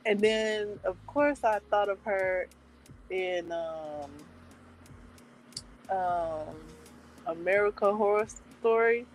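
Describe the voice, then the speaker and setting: A woman's voice: medium pitch, slight background noise, rough recording. A woman hosting her channel, chatting casually in a meandering, hesitant way with many fillers and restarts. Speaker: book club channel host. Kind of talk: casual chat.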